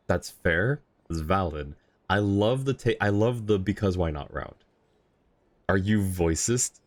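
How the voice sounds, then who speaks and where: A man's voice: low voice, darkish tone. A man streaming a game, chatting casually with viewers, rambling and laughing often. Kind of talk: casual live-stream chat.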